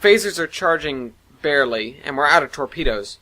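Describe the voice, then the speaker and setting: A man's voice: on the high side, animated, moderate pace, pushed and bright, low-quality recording. A man voicing a frank female engineering officer giving a damage report. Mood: matter-of-fact. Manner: matter-of-fact report.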